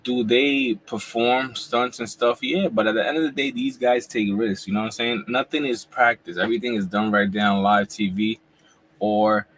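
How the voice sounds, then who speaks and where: A man in his forties hosting a casual live wrestling reaction chat at home, talking in relaxed slang while he eats. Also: mid-range voice, moderate pace, rough recording. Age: 40s. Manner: laid-back slangy talk, eating while talking. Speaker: wrestling YouTuber host.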